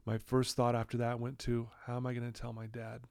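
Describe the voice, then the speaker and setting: A middle-aged man from Utah, a podcast guest telling his life story earnestly and acting out quoted dialogue in a hushed voice. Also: medium pitch, completely flat delivery, fairly quick, dry recording, studio quality. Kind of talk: candid podcast conversation.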